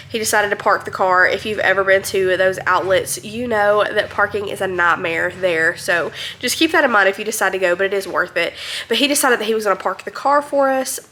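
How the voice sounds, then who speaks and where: Woman vlogger, bright tone, rambling and friendly filler-heavy delivery. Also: mid-range voice, a little hiss or hum. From North Alabama, US. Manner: chatty, many ums and likes. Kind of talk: casual rambling recap.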